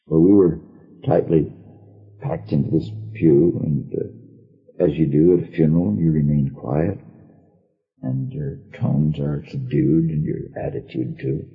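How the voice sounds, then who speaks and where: An older man tells an old show-business story at an easy, wry pace. His voice sits extremely low and gravelly-deep. The sound is dull and lo-fi, like an old archive tape. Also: steady tone, measured pace. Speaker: radio actor reminiscing. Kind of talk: anecdotal storytelling.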